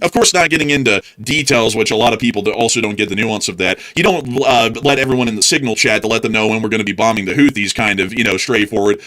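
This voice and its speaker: A man's voice: medium pitch, sharp tone, no room sound. A man co-hosting a live news stream, giving opinionated, exasperated commentary. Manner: opinionated and exasperated, drawls out mocking asides.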